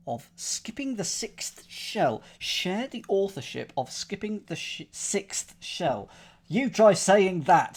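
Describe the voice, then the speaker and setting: A man streams himself working through a crossword, thinking aloud as he goes. His voice swings up and down in a lively way, and he shifts between playful asides and quiet muttering to himself. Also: fairly high pitch. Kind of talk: live-stream puzzle solving, thinking aloud.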